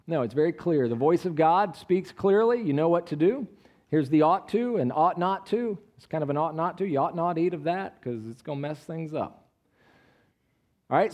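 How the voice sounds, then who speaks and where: Guy preaching a sermon, kinda high voice, keeps asking the room questions, quiet bits then louder reading. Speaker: pastor.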